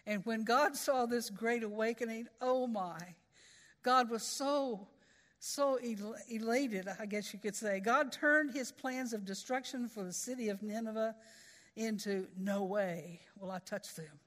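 A woman's voice: fairly high pitch, unhurried, fairly bright tone, in a large hall. A woman preaching a sermon in a folksy, conversational way, with storytelling asides.

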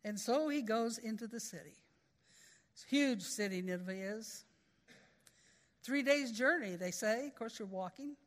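A woman's voice: on the high side, moderate pace, long pauses, in a large hall. A woman preaching a sermon in a folksy, conversational way, with storytelling asides.

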